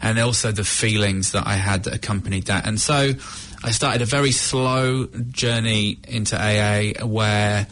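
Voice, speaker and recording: A middle-aged man from the UK telling his own recovery story in a candid, halting, reflective way. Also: on the low side, steady tone, fairly bright tone. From United Kingdom. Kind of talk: personal testimony.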